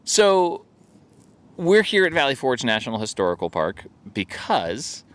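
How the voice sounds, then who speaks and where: A man's voice: medium pitch, sing-song, measured pace, fairly bright tone. A man hosting a podcast in casual chat, joking and laughing easily, recorded outdoors at a park. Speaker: podcast host.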